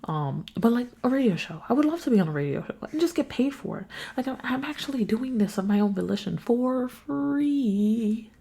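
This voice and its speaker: A young New York woman hosts a casual solo podcast, venting while sick, congested and worn out. Her voice sits on the high side with lively intonation, a dark, slightly rough, gravelly tone, a moderate pace and few pauses. She sounds weary, frank and freely profane.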